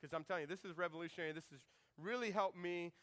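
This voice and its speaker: Rapid-fire and high-pitched, this man in his thirties preaches a sermon as pastor. He's lively and humorous, voicing quoted lines in different characters.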